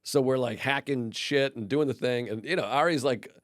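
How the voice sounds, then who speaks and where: Man, from Boston, comedian guest, rambling profane storytelling, mid-pitched voice, dry studio sound. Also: normal speed, no echo. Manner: rambling storyteller, swears freely. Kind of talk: casual podcast chat.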